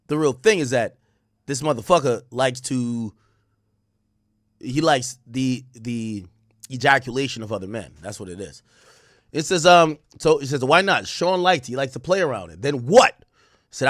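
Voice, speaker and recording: Animated male streamer, lively pitch. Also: no echo, studio quality. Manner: animated, swings from loud outbursts to low mutters; profane, reads court testimony aloud. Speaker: streamer reacting to news. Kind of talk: casual livestream commentary.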